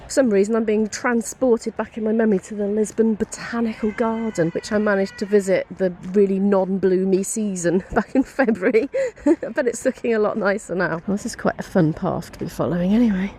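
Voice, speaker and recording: A woman's voice: mid-range voice, fairly even intonation, brisk, few pauses, dark tone, a little hiss or hum. Chatty woman vlogging on the move. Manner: chatty, laughs often, talks to camera while walking. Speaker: vlogger and musician. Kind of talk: casual vlog chat. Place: outdoors, walking between venues.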